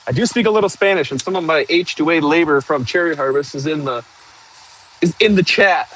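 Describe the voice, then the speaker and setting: A man in his thirties talks in a slightly high voice, rambling to a live-stream chat and laughing often. He is working outdoors. A faint hiss of noise sits under his voice. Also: fairly quick, a bit bright, rough recording. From northern Michigan, USA. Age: 30s. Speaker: livestream host.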